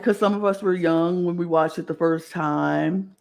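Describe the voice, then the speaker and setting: A woman co-hosting a casual podcast chat, talking in an animated way and acting out the quoted lines she retells. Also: fairly low pitch, moderate pace, creaky, few pauses. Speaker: podcast co-host.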